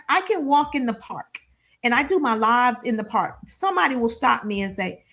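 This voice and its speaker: Woman, middle-aged, business coach, live-streamed lesson, energetic, high-pitched, acts out mini dialogues. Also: a little fast. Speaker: sales and marketing business coach.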